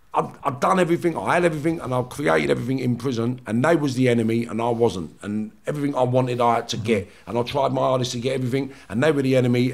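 A man's voice: mid-range voice, creaky. A London man, a former prisoner, telling stories bluntly with lots of swearing and restarts. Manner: blunt, swearing, rapid restarts, acts out confrontations. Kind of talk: heated podcast storytelling.

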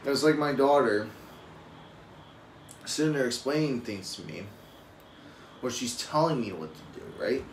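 A man's voice: mid-range voice, expressive, measured pace, long pauses. A young adult man and father talking casually on a live stream, telling rambling, profane stories. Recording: roomy echo with faint ambient noise.

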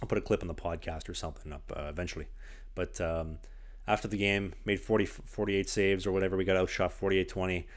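A young man hosting a podcast, an animated storyteller who says "like" a lot in casual chat. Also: deep voice, fast talker. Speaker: podcast host. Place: small apartment.

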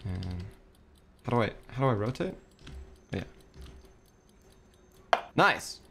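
A man's voice: lowish voice, sing-song, takes it slowly, vocal fry, pushed and bright, slight background noise. Frantic man talking himself through a game. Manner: frantic, self-talking, swears, panicky outbursts. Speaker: streamer. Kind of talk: gameplay commentary.

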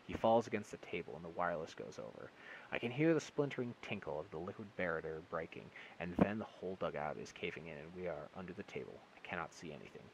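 A man reads a short story aloud in one unedited take, now and then stumbling and restarting a word. His voice is very deep and low. A faint hiss from the phone recording sits underneath. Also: low-quality recording. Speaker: amateur audiobook reader.

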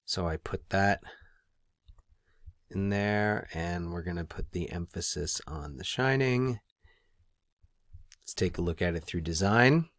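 A low-pitched male teacher walks students through a screen-recorded tutorial, thinking aloud as he clicks. His voice is deep and sits close to the mic in a dry, deadened space. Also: slow pace, pauses often, no echo.

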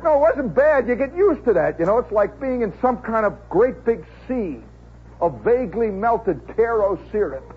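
Forties american guy, radio storyteller, wry and chatty, higher voice, faint hiss on an old tape. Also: big pitch swings, normal speed, phone-quality sound. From United States. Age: 40s. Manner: wry, conversational, chuckling asides. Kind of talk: rambling comic storytelling monologue.

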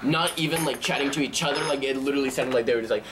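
A teenage boy spinning animated stories in casual talk, swearing freely and talking over others to hold the floor. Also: mid-range voice, rapid-fire, close to an everyday voice. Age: teens. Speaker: teenager in a group. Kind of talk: casual improvised conversation. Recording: distant mic with steady ambient noise.

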